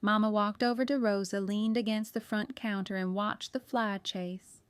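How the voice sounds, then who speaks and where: A woman narrates a cozy mystery audiobook with lively storytelling in a mid-pitched voice. The recording is dry and close, with no room sound. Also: moderate pace, smooth, no echo. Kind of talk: scripted narration.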